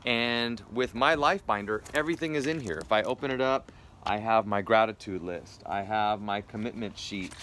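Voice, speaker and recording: Upbeat, forceful male wellness coach. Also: lowish voice, moderate pace, slight background noise. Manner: upbeat, persuasive, with casual fillers. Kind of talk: direct sales pitch to viewers.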